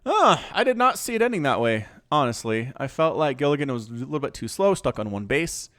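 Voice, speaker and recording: Excitable American man casting a game. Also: mid-range voice, a little fast. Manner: excitable, chatty, talks to the players. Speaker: esports caster. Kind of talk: solo game commentary.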